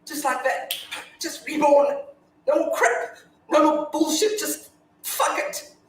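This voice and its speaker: An actress playing a grieving, foul-mouthed widow in a staged reading, telling her story from hushed to shouting. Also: high voice, slow, slight background noise. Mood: defiant. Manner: confessional monologue, swinging from hushed to shouting. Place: theatre stage. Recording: echoey hall from far off.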